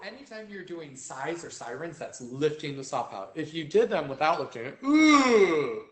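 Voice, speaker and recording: Young man, choir teacher, fairly high voice, explains patiently, roomy echo. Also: animated, normal speed. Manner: explanatory, checks in with frequent "right?"; sings vocal demonstrations. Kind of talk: vocal technique lesson.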